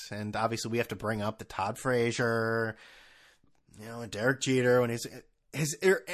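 A man hosting a podcast, ranting sarcastically with profanity, stammering restarts and laughs at his own jokes. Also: fairly low pitch. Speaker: podcast host. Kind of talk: casual ranting monologue.

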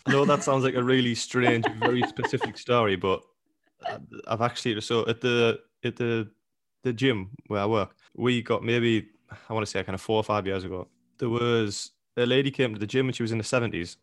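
A man's voice: mid-range voice, fairly even intonation, fairly quick. A man who is a personal trainer, co-hosting a podcast in casual chat and rambling with restarted phrases.

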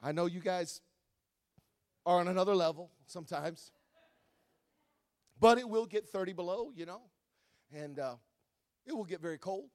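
A male pastor from Wisconsin, preaching a sermon that swings between quiet teaching and loud, shouted exhortation. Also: sits high, moderate pace, pauses often.

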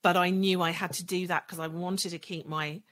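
A woman in her forties, a podcast guest telling her own story candidly, her voice dropping soft when she recalls hard moments. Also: fairly low pitch, flat delivery, normal speed. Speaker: podcast guest, legal marketer.

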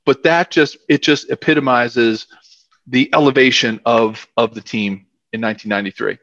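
A man's voice: mid-range voice, steady tone, moderate pace, fairly bright tone, no echo. A man, a former football player telling long rambling stories in an interview, full of fillers. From South Philadelphia, USA. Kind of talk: casual storytelling interview. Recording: dull dry muffled audio.

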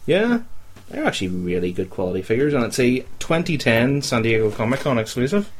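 A man's voice: mid-range voice, very animated, a little fast. A young man, hosting a casual chat show and joking with the listeners. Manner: chatty, joking, talks to the audience. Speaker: podcast host.

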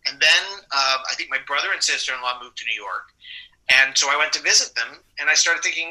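A middle-aged man, an actor being interviewed, telling anecdotes in a lively way, laughing often and acting out the people he quotes. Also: mid-range voice, a little fast, low-quality recording. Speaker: actor guest.

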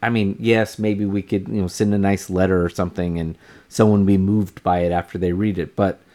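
A man co-hosting a casual podcast, talking in a calm, reflective way and thinking aloud. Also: deep voice, brisk. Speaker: podcast co-host.

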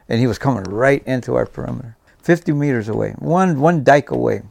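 A man's voice: mid-range voice, fairly quick, gravelly, a little mellow, no room sound. A man in his seventies, a veteran guest, vividly recounting war memories and acting out the dialogue. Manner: vivid storyteller, acts out dialogue. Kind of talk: personal war storytelling.

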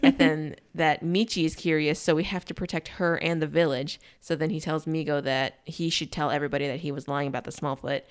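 A woman's voice: fairly even intonation, fairly quick, hardly any pauses, clean tone. A young woman casually recapping a movie in chat, often acting out characters' lines. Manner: chatty, acts out characters' lines with rising pitch.

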